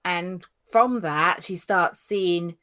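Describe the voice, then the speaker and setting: A woman's voice: lowish voice, very slow. A woman co-hosting a podcast, chatting casually and dramatically as she recaps an anime episode. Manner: animated, dramatic, gasps and laughs. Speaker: podcast co-host.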